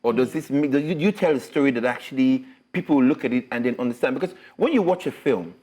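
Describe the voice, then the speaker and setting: A man's voice: mid-range voice, fast talker. A middle-aged man, an actor guest talking animatedly on a panel and often repeating words. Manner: animated, laughing, repeats words when excited. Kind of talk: lively panel chat.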